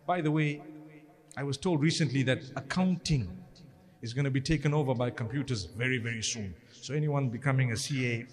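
A man's voice: mid-range voice, fairly quick. A man giving a sermon, mixing jokes and conversational asides with pious interjections. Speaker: Islamic preacher. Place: lecture hall. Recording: long hall reverb.

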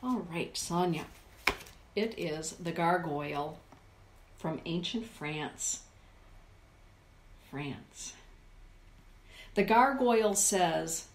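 A woman hosts a live spiritual stream, speaking in a somewhat low voice. She reflects aloud and addresses her viewers by name. The sound carries a roomy echo from the indoor space. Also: expressive, slow, pauses often. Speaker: host reading oracle cards for live chat viewers. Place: indoor room with a forest view.

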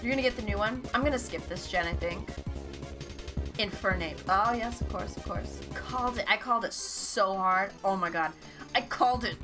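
A woman streaming a video game, chatting casually into a desk mic, excitable, laughing often and swearing offhandedly. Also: medium pitch, moderate pace. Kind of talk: casual gaming stream commentary. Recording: game music playing behind.

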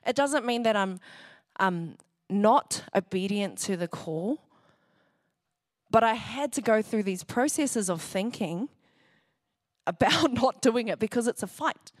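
A woman's voice: fairly high pitch, lively intonation, measured pace, long pauses, clean studio sound. A woman pastor gives a conversational sermon in a church hall, laughing often and acting out what people said. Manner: chatty, laughs often, acts out what others said.

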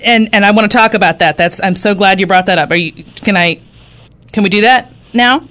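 A woman's voice: mid-range voice, brisk, fairly bright tone. A woman hosting a radio interview show, speaking earnestly and a little hesitantly. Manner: hesitant, many ums and restarts, earnest. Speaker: radio talk show host.

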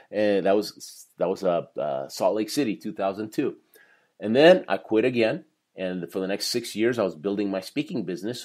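A man's voice: on the low side, darkish tone. A man in his fifties, a professional speaker, telling his life story in a podcast interview with energy and frequent laughter. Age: 50s.

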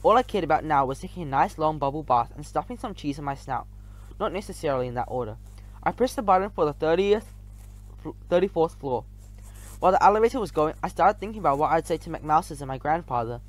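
A man's voice: fairly high pitch, animated, quick pace. A man reading a first-person children's story aloud, now and then stumbling and restarting words. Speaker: audiobook reader.

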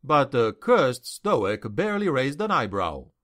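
An audiobook narrator, a man with a mid-range voice, reads from a fantasy novel at an unhurried pace, telling it expressively.

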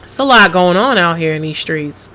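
Brief: woman game streamer, bright edgy tone, blunt and profane, chats with viewers while she plays. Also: lowish voice, lively intonation, normal speed, slight background noise. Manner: reads chat messages aloud and answers them. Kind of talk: casual gaming livestream chat.

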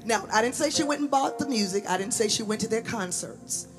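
A woman giving a lively storytelling tribute to her late mother at a memorial service in a church. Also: a little high, a little fast, faint music behind. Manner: animated storyteller acting out voices. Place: church sanctuary.

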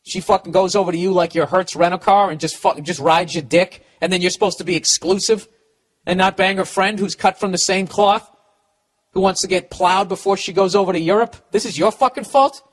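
Profane ranting comedian with a Boston accent. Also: male voice, sits high, fairly even intonation, brisk. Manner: profane, ranting, stammering restarts. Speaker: podcast host. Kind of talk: comedic advice rant.

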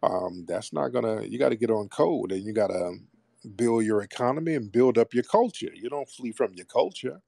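A man's voice: medium pitch, expressive, normal speed, vocal fry, mellow, no echo, clean studio sound. A man hosting a call-in radio show, questioning a caller in a teasing, mocking way.

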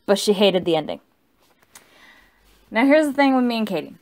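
A woman's voice: medium pitch, expressive, normal speed, long pauses. A tipsy woman rambling through a casual, profane book review and correcting herself as she goes.

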